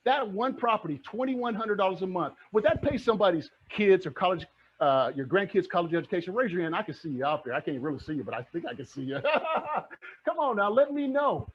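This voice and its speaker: A middle-aged man giving an energetic motivational talk on real estate investing, asking his audience rhetorical questions. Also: sits high, brisk, highs cut off, slight background noise. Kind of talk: motivational online presentation.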